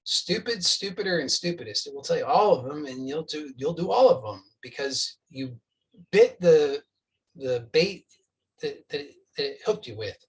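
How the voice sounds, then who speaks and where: A man's voice: mid-range voice, vocal fry, recorded from a distance, rough recording. A man giving an earnest, insistent spiritual talk, often restarting phrases and acting out imagined dialogue with the listener. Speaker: spiritual teacher.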